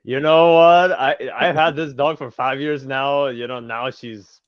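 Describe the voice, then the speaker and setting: A man's voice: mid-range voice, fairly even intonation, unhurried, clean tone, no room sound, highs cut off. A man as a guest in a casual chat, rambling with many fillers. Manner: rambling, heavy fillers like "you know".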